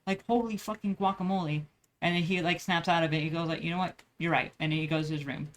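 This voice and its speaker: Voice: medium pitch, flat delivery, rapid-fire, a bit bright. Young vlogger, loose rambling chat while drawing, swears a lot. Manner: rambling, profane, many restarts.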